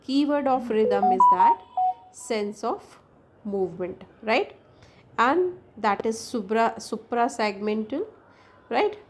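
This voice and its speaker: Indian-accented woman lecturer, Hindi native, slightly high pitch, fumbling explanatory delivery. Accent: Indian English. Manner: explains with many fillers and restarts, switches into Hindi. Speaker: English teacher. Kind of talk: classroom lecture.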